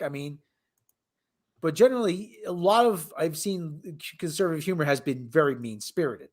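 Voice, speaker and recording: A man hosting a podcast, giving sardonic, rambling commentary with frequent restarts. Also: on the high side. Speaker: podcast host. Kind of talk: casual commentary chat.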